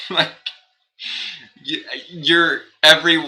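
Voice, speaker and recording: A man's voice: on the high side, very slow, rough recording. A young man chatting casually on a live game stream, rambling and questioning himself, with frequent laughs. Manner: rambling, self-questioning, animated, laughs often. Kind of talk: casual live-stream chat while gaming.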